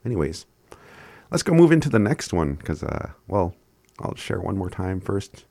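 A man giving a casual language lesson, laid-back and chuckling often as he spells words out slowly. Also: low voice, big pitch swings, creaky, dark tone, no echo. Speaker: language teacher.

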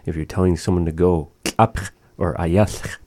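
Man, very low voice, dark warm tone, patient teacher, dry close sound. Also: flat delivery, moderate pace, no echo. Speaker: language teacher. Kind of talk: explaining a language lesson.

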